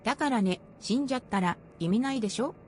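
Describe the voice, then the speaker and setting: A woman's voice: a little high, animated, rapid-fire, slight background noise, close to an everyday voice. An actress voicing a cutesy, self-assured young female pop idol character in a game. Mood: perky. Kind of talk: Japanese game voice acting.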